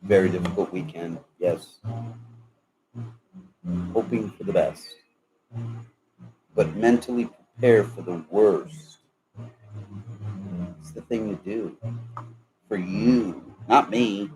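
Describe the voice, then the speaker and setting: A man's voice: low voice, slow, long pauses, background noise. A man rambling casually in a vlog, joking and laughing often as he talks. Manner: laughs a lot, drawling, joking. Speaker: vlogger.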